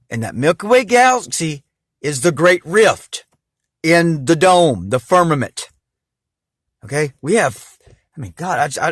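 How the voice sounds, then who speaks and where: A man's voice: a little high, a bit bright, no room sound, clean studio sound. A man talking straight to camera in a rambling monologue, full of fillers and restarts.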